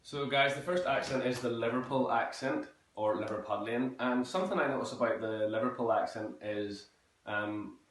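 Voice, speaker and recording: A man's voice: medium pitch, normal speed. Young male drama teacher in an echoey room. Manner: relaxed, with many ums, demonstrating sounds. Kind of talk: online accent lesson. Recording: echoey room, mic at a distance.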